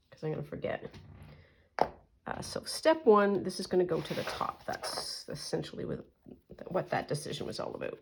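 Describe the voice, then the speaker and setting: A woman with a fairly low, breathy voice narrates her craft session in a relaxed, unhurried way. She murmurs and trails off into soft asides as she works. When she tells a story, she livens up and gets chattier. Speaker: collage artist and channel host. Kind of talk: relaxed craft vlog, thinking aloud while working.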